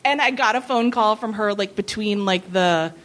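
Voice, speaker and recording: A woman in her thirties telling a comic anecdote at a live venue, animated and often laughing. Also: mid-range voice, normal speed. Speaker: comedy writer guest. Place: live venue before an audience.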